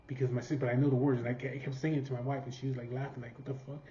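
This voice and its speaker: Dude from california rambling a story, swears a ton, kinda dull roomy audio. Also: male voice, mid-range voice, flat delivery, racing, dark tone, a little hiss or hum. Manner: profane, rambling, laughing at his own story. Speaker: vlogger. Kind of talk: casual storytelling. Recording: roomy, slightly dull sound.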